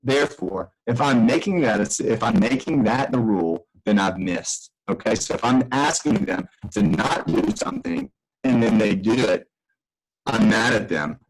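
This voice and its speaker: A middle-aged man with a fairly low voice gives a casual, earnest lesson on disciplining children, recorded from a room at home. He talks into a computer mic as if on a video call, stopping and restarting his phrases as he works out what he means. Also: animated, moderate pace, poor audio. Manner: earnest and conversational, with frequent restarts and asides. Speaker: extension educator. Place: room in his own house.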